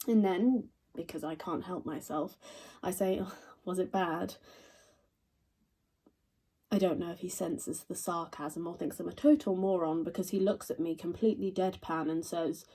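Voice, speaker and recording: Alice, wry husky student. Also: female voice, fairly low pitch, moderate pace, distant mic, rough recording. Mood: sardonic. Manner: wry, deadpan, crude asides. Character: young woman student, sardonic and grieving. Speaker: actor in a stage monologue. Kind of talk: theatrical monologue.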